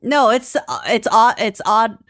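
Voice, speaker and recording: A woman's voice: a little high, lively intonation, a little slow, a bit bright. A woman co-hosting a podcast, giggly and teasing in casual chat. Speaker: podcast co-host.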